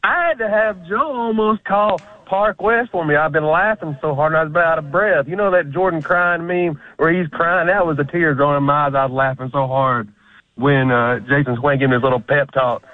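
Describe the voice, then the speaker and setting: A man's voice: fairly high pitch, brisk. A man calling in to a sports radio show, laughing and folksy. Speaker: caller. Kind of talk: casual call-in chat. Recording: tinny dry phone line.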